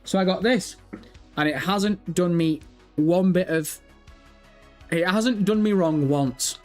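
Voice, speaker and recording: Male streamer, slightly high voice, sweary mocking banter with chat, faint music bed. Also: slow. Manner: sweary, jokey, animated and mocking. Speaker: gaming livestream host. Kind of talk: casual livestream chat reading viewer comments.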